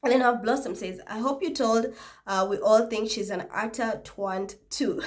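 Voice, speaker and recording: A woman's voice: on the high side, steady tone, moderate pace. A young adult woman hosting a casual vlog, reading viewer comments aloud with frequent laughter and mocking asides, and she has a cold.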